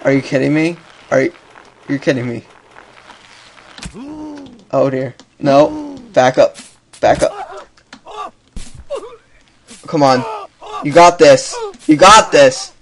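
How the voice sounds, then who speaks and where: A man's voice: mid-range voice, steady tone, measured pace, pauses often, a bit bright, a little hiss or hum. A young man commentating on his own game play, chatty and talking to the game and himself. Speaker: gaming youtuber.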